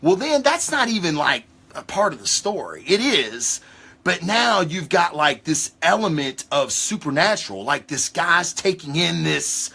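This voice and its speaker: A man hosting a casual livestream comic book review, talking in an excitable, rambling way with lots of swearing. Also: a little high, measured pace, creaky, husky. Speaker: comic book show host.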